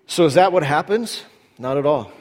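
A male pastor delivers a sermon in a casual, storytelling manner, slipping into quick acted-out asides as he explains. His voice sits a little high for a man. The sound carries a long reverb, as if the sermon was recorded in a large hall. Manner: animated, conversational preaching with acted-out asides.

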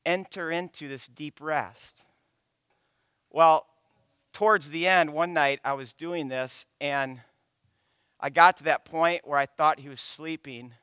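A man preaching a sermon as a pastor, swinging from loud emphatic lines to hushed, almost whispered ones. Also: on the high side, clear, resonant tone, no room sound.

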